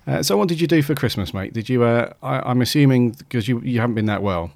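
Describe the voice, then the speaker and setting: A man's voice: medium pitch, fast, creaky, darkish tone, dry recording. A man co-hosting a podcast in casual chat, talking hesitantly with lots of ums. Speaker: podcast co-host.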